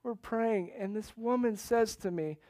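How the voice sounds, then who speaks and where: Earnest pastor preaching, dry sound. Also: male voice, sits high, unhurried, no room sound. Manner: earnest storytelling, swings from hushed to loud emotional outbursts. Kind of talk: sermon.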